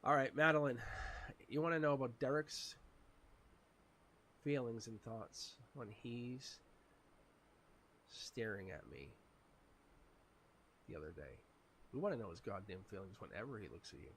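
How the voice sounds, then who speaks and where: Raspy man, tarot reader on a live stream; animated, chatty, laughs often. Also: medium pitch, unhurried, long pauses, a little hiss or hum.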